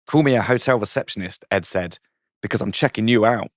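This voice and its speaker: Low-voiced man reading a cheeky comic story. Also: brisk, dry recording, studio quality. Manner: playful, laughs through his own jokes. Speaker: comedian guest reading his story.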